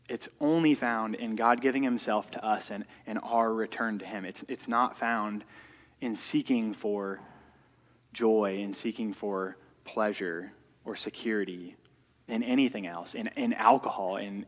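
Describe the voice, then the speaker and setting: A man preaching a sermon earnestly, often repeating words as he works through his points. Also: lowish voice. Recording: long hall reverb.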